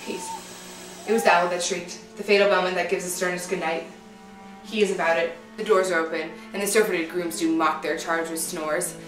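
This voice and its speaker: A woman's voice: lowish voice, fairly even intonation, moderate pace, natural voice. A woman playing a scheming, commanding noblewoman, urging firmly in stage verse. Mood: tense. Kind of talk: stage acting of verse drama. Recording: echoey room, voice far from mic, faint music.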